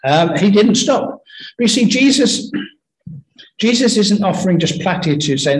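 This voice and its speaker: A man giving an earnest, conversational sermon full of stories, often pausing and restarting his sentences. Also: high voice, lively intonation, poor audio. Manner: earnest, anecdotal, halting with many restarts. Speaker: preacher.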